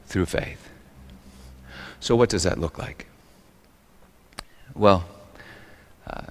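Earnest preacher in a reverberant hall. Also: male voice, lowish voice. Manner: earnest storytelling with many restarts. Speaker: pastor. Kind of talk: sermon.

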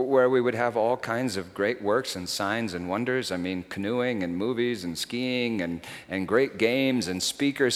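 A man preaching a sermon, swinging from hushed, slow phrases to loud, soaring outbursts. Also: medium pitch, long reverb tail.

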